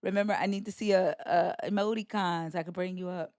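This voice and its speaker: A woman's voice: on the low side, steady tone, fast, a little mellow, no echo, clean studio sound. A woman hosting a casual live stream chat, slangy and profane, laughing often. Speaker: host of a live stream discussion.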